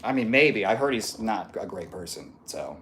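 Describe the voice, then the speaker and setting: A man's voice: lowish voice, animated, normal speed, fairly bright tone, roomy sound, a little hiss or hum. A man hosting a casual livestream and reading out viewer comments, easygoing and often trailing off into a murmur. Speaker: livestream host. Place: home room on a stretching livestream.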